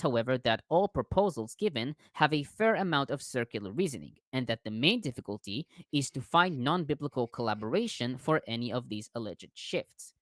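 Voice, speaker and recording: A man reading out scholarly commentary on a text, careful and measured, stumbling now and then on long words. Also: mid-range voice, a bit bright, dry recording, clean studio sound. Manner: careful reading with small restarts on hard words.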